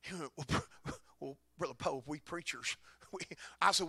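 A preacher with a high, gravelly voice tells his story from the pulpit in a folksy, dryly funny way. His tone is bright and edged, and the close mic keeps it dry, with no room echo. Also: moderate pace. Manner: folksy, dry humor building to shouting. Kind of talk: storytelling sermon.

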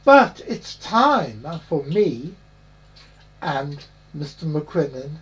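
A man's voice: on the high side, very animated, very slow, lo-fi sound. A man hosting a podcast in a rambling, jokey chat full of puns. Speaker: podcast host. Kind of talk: casual chat.

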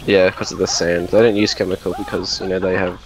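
A man's voice: deep voice, flat delivery, fast, noisy background. A man casually chatting while playing a shooter game, laid-back and laughing often. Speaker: gamer. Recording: gunfire behind voice.

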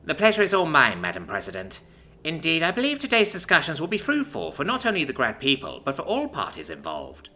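A man's voice: a little high, wildly swooping pitch, brisk, bright, forceful tone, voice pushed up, exaggerated voice. A man doing a poised alien princess envoy. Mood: formal. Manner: formal, poised.

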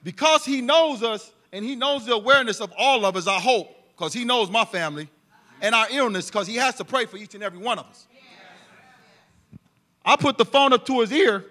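Man, church testimony speaker; earnest, preachy, high-pitched. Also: a little fast, pushed and bright.

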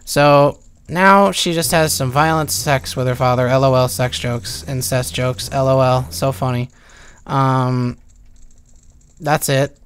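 A man's voice: mid-range voice, steady tone, slow, a bit bright, slight background noise. A man giving rambling, sarcastic gameplay commentary, swearing freely at his viewers. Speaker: let's play commentator.

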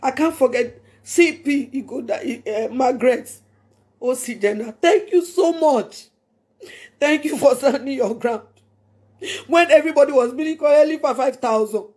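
Husky high-voiced Nigerian woman, impassioned. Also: normal speed, warm tone. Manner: emphatic, prayerful, repeats phrases for force. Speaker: public statement speaker. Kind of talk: impassioned personal address.

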